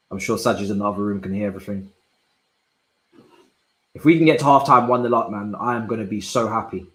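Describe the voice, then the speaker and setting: A young man reacting live to a football match, swinging from low muttering to loud shouts and using plenty of slang. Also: brisk, pauses often, reverberant, rough recording. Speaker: football watch-along streamer. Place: indoor room at home.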